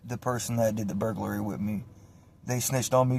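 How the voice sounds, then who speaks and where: A man telling a casual story, loose and profane. He talks in an animated way and keeps slipping into other people's voices to act out the scenes. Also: mid-range voice, brisk, creaky, slight background noise.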